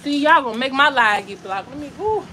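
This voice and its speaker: High-pitched, bright-voiced foul-mouthed woman vlogger. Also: lively intonation, a little fast, a little hiss or hum. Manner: blunt, profane, scolding. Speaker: vlogger hosting a livestream. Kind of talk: casual livestream rant. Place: at home.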